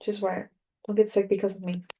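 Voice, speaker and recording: A woman narrator plays a soft-spoken teenage boy, gentle and hurt. His murmured lines sit in a warm, mellow register with a flat, restrained melody. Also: mid-range voice, fast talker, slightly rough. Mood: whispery.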